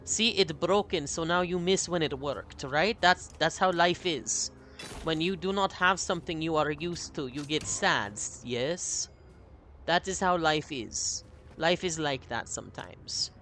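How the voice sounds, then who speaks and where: A man's voice: on the high side, moderate pace, few pauses, slight background noise. Man putting on a mock-Russian gloomy gamer. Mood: deadpan. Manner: broken grammar, deadpan doom. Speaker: streamer.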